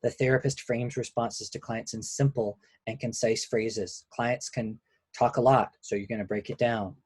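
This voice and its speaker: A man who is a couples therapist, giving a measured, explanatory webinar lecture and slowing down on key points. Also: medium pitch, steady tone, darkish tone, slightly rough, dry recording.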